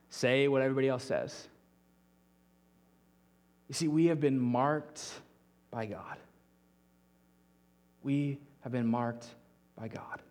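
A young adult man preaching a sermon as pastor, earnest, often dropping his voice softly at the ends of phrases. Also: mid-range voice. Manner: earnest, drops to a soft near-whisper at phrase ends.

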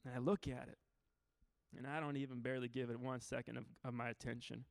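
Man, thirties, pastor, casual earnest sermon, mid pitch, dry close sound. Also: flat delivery, quick pace, vocal fry, no echo. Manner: earnest and informal, with frequent restarts and fillers. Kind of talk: conversational sermon.

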